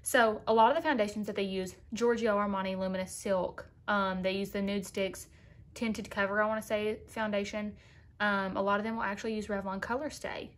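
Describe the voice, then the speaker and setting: A woman's voice: mid-range voice, fairly even intonation, brisk. Sassy, chatty young woman vlogger. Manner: chatty, sassy, addresses viewers as girl. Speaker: beauty vlogger. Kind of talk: casual makeup tutorial chat.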